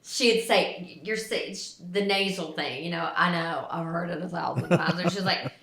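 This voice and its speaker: A woman's voice: lowish voice, moderate pace, roomy sound, crowd noise. A woman co-hosting a podcast, chatting in a rambling, self-deprecating way. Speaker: podcast co-host. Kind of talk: casual chat.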